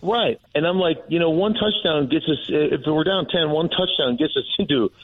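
A man's voice: fairly high pitch, normal speed, phone-quality sound. A former player turned football analyst, a man talking animatedly in casual sports talk over a call line. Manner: animated storyteller.

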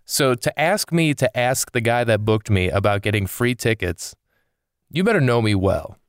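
A man's voice: medium pitch, expressive, moderate pace, clean tone, dry recording, clean studio sound. A comedian hosting his own podcast, ranting casually and with exasperation, swearing and rambling through a comic monologue.

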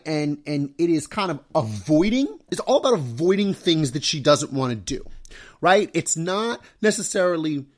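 A young man hosts his own podcast, talking casually about being a father. He tells his stories in an animated way, with his pitch swinging widely, and he sometimes jumps into a high voice to mimic his family. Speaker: podcast host. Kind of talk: casual solo podcast talk.

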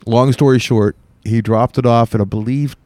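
A man telling a long story in casual podcast chat, animated and rambling. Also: medium pitch, normal speed, no echo. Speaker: podcast host.

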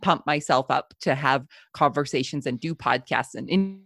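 Laughing Canadian woman with gravelly edge. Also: extremely low pitch, moderate pace, a bit bright. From Southern Alberta, Canada. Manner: chatty, laughs often. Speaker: podcast guest. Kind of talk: casual interview chat.

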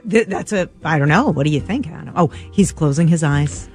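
Playful radio co-host, lively pitch. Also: male voice, brisk, faint music behind. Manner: playful, teasing.

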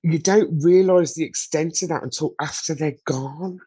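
A woman's voice: sits low, normal speed, mellow, slightly rough, no room sound. A woman, a guest in an interview, talking candidly and emotionally, bluntly, with frequent rhetorical questions.

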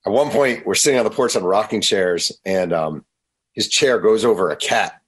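A man being interviewed as an author, telling lively anecdotes and acting out quotes. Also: on the low side, moderate pace, breathy edge. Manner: animated anecdotes, acts out quotes. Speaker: author guest. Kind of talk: storytelling interview.

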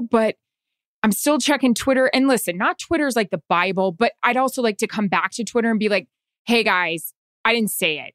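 A woman's voice: on the high side, brisk, a bit bright, dry recording, clean studio sound. A woman, a sideline reporter, telling an anxious story in casual chat.

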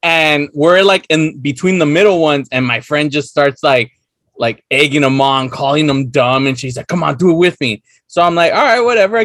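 A man's voice: fairly high pitch, a bit bright, dry recording. A young man hosting a podcast, telling rambling anecdotes in casual chat and laughing often. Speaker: podcast host.

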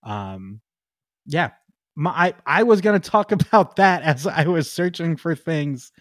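Male podcast co-host, casual and excitable, slightly high voice, laughs easily, dry close recording. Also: unhurried, no room sound. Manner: excitable, laughs often, trails off with ums. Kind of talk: casual chat.

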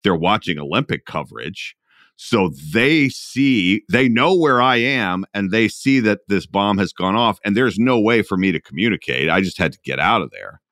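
A man hosting a podcast interview, calmly recounting a memory of his own. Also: fairly low pitch, moderate pace, dry recording, clean studio sound. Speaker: podcast host. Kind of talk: casual interview conversation.

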